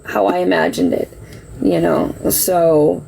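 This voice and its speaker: A woman's voice: fairly low pitch, fairly even intonation, slow, gravelly, dark tone, a little hiss or hum, poor audio. A woman on a live stream explaining herself in an emotional, defensive, rambling way, full of "like" fillers. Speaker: livestreamer telling her side. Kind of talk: casual live-stream monologue.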